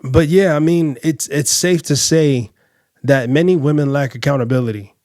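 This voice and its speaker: A man's voice: fairly high pitch, normal speed, darkish tone, a little hiss or hum. A man hosting a podcast who comments on clips and speaks straight to viewers. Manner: direct, addresses viewers as fellas and ladies. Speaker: podcast host.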